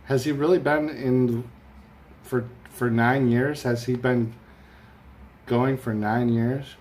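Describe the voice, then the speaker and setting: This man's voice is medium-pitched and a little mellow, with fairly even intonation and a slow delivery. He hosts a relaxed live stream chat from his home room, rambling and reading viewer comments aloud while a fan runs and slight noise sits underneath.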